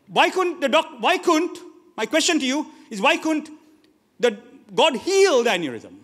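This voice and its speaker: Pastor, male, high voice, animated sermon delivery with loud and hushed turns, long church reverb. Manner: animated preaching, swings from loud exhortation to quiet asides. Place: church hall.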